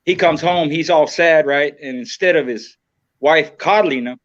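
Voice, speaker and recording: A man's voice: on the high side, unhurried, fairly bright tone, no echo. Frank, profane older man on a dull line. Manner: rambling, frank and profane, full of "you know". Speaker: podcast guest. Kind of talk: casual chat. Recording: dull, lo-fi, dry sound.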